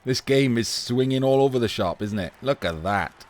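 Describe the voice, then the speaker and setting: A man giving casual live commentary on a video game match. He talks in a chatty way, laughs often, swears casually, and his voice is getting a little hoarse. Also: medium pitch, expressive, normal speed. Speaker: esports commentator.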